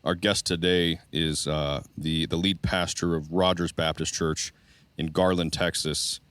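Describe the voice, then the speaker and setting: A man hosting a podcast interview, friendly and a bit halting as he introduces his guest. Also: deep voice, steady tone, a bit bright, clean tone, no room sound. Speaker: podcast host. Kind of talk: casual interview.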